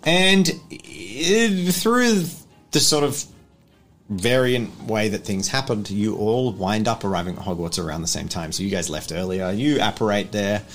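A man narrating a tabletop role-playing game as game master, in a rambling, relaxed manner full of fillers. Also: fairly low pitch, unhurried.

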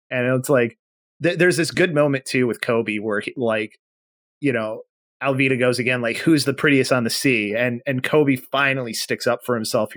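A man co-hosting a podcast, recounting scenes with lively energy and slipping into characters' voices. His voice sits at a middle pitch and sounds close and dry, with no room around it. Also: no echo. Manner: animated retelling, acting out character lines. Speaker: podcast co-host. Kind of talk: casual chat.

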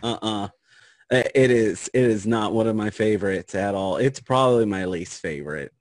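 A man's voice: fairly low pitch, normal speed, no room sound, studio quality. A man co-hosting a podcast in casual chat, teasing the others and laughing often. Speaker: podcast co-host.

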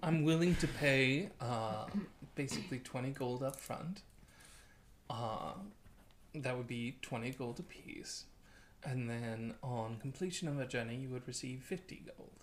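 A man's voice: medium pitch, unhurried, slight background noise, natural voice. A man voicing a reserved, secretive traveler who turns down company curtly. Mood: businesslike. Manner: curt, reserved refusals. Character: guarded, secretive male traveler.

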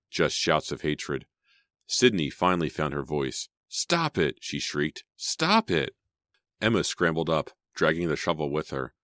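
A man's voice: a bass voice, a bit bright, no room sound, clean studio sound. A man reading a horror audiobook in a dramatic, suspenseful storytelling style. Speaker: audiobook narrator. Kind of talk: scripted audiobook narration.

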